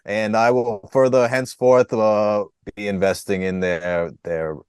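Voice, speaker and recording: A man's voice: fairly low pitch, fairly even intonation, a little slow, a little mellow, smooth, dry recording, studio quality, natural voice. A man doing a grandiose, legalistic old politician. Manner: mock-formal, grandiose, crude. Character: pompous older male politician, legalistic.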